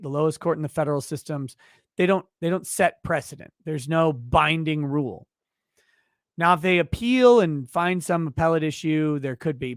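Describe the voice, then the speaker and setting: A man's voice: a little high, no echo, clean studio sound. A man hosting a legal commentary livestream who rants in a heated, profane way. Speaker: legal commentary show host.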